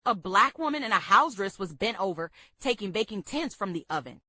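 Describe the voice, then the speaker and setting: A woman's voice: mid-range voice, no echo. Woman reading a memoir aloud. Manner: steady, measured reading. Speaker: book club reader.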